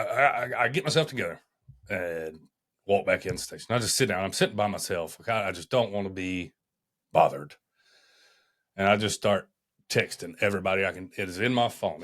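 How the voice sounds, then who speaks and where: A man, a firefighter guest, tells his story on a podcast, halting often and restarting his sentences. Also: lowish voice, a bit bright.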